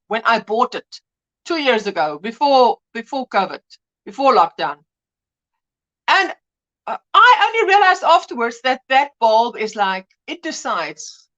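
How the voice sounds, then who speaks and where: A woman's voice: a little high, sharp tone, muffled recording. A woman hosting a casual livestream, chatting and reading viewer comments aloud with frequent laughs. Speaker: livestream host.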